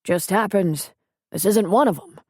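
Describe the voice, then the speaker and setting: A woman voicing a weary older country doctor in an audiobook reading, quiet and matter-of-fact. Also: medium pitch, a little slow, slightly rough, no echo, clean studio sound. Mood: resigned.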